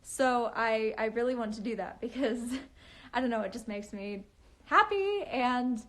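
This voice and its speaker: A woman's voice: fairly high pitch, fairly even intonation, normal speed. Giggly young woman chatting on a live stream. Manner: chatty, giggly, valley-girl lilt with many fillers. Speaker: livestreaming author. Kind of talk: casual live stream chat.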